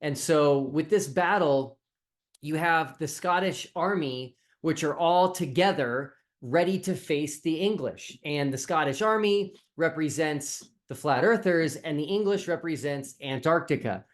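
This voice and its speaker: Male host, casual commentary, slightly high pitch, storyteller delivery. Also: measured pace. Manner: storytelling with film comparisons.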